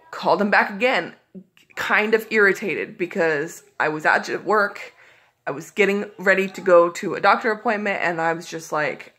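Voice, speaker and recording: A woman's voice: fairly low pitch, pushed and bright. A woman vlogging in a casual storytelling style, recounting a run of phone calls with frustration and exasperation. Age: adult.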